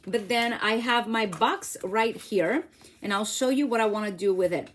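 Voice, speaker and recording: A woman's voice: mid-range voice, normal speed. A middle-aged woman hosting a casual crafting demo at home, chatty, laughing at herself and talking to viewers as she works. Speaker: craft channel host.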